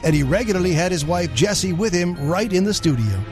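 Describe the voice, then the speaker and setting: A man's voice: sits high, lively intonation, a little fast. Man narrating over music. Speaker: program narrator. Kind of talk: scripted radio narration.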